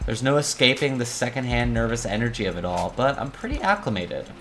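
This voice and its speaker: A woman's voice: very deep voice, animated, a little fast. A woman reading aloud as a weary, cynical criminal defense attorney in a visual novel, with a wry noir monologue delivery over faint music. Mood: brooding.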